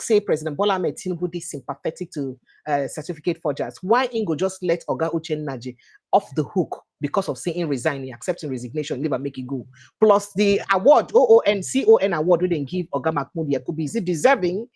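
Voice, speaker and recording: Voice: medium pitch, expressive, a little fast, a little mellow, slightly rough. A host with a Nigerian accent who runs a live political discussion, asking probing questions in English mixed with pidgin.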